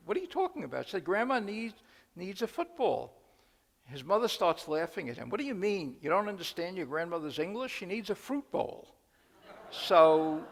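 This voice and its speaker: A man's voice: a little high, vocal fry. A man, a rabbi, telling anecdotes in a conversational lecture and acting out the quotes. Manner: conversational, anecdotal, quotes people in lively voices. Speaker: rabbi giving a talk. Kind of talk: storytelling lecture. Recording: long hall reverb.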